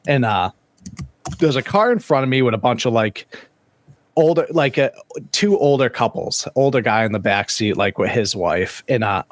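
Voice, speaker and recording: A man co-hosting a fishing podcast, telling a story with plenty of swearing and animated energy. His voice sits at an ordinary pitch and sounds close and dry, with no room around it. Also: moderate pace, no room sound. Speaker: podcast co-host. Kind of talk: casual chat.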